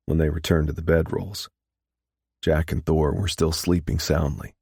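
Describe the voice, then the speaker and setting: Man, audiobook narrator, steady storytelling, husky, dry close recording. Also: rumbling low, moderate pace, no room sound.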